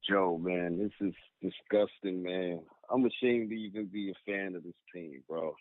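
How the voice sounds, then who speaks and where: A man's voice: low-pitched, fairly even intonation, moderate pace, no echo. A man calling into a sports show, sounding disgusted and laughing in disbelief. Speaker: caller. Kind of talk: call-in phone rant. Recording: tinny phone line.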